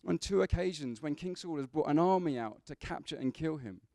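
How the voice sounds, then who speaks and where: Gravelly-voiced man preaching a sermon. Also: a little high, lively intonation, brisk, warm tone, no room sound, clean studio sound. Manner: conversational, with asides and humor to the congregation. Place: church.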